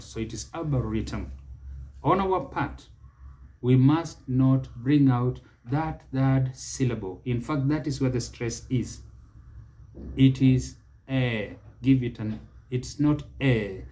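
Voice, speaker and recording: A man with a Kenyan accent teaching English pronunciation, slowly and deliberately repeating each word several times. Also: medium pitch, dark tone.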